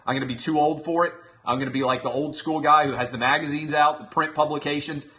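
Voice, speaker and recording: A man's voice: a little high, steady tone, fast, sharp tone, slight background noise. A middle-aged man hosting a show, delivering a mocking, incredulous comedic rant to his audience. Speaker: show host. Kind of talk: comedic monologue.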